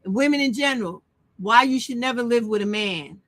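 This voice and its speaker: Speaking at a normal pace in a slightly high, somewhat bright voice, a female channel host unleashes an impassioned, profane, blunt rant. It's a dry recording.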